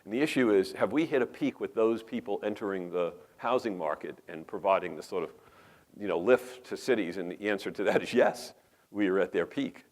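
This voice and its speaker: A man's voice: low-pitched, fairly quick, a little mellow. A middle-aged man with a New York accent giving a conference lecture, emphatic, with rambling asides and rhetorical questions. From New York metropolitan area. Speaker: conference speaker. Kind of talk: lecture presentation. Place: conference hall.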